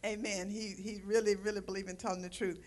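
Woman minister warming up a church congregation with a heartfelt testimonial introduction. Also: medium pitch, level tone, fast. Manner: fervent, testimonial, with frequent amens. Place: church sanctuary.

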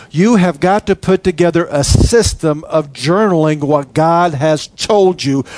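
Male preacher, somewhat high voice, animated sermon delivery with acted-out asides. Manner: animated, acts out quoted voices and laughs. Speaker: pastor.

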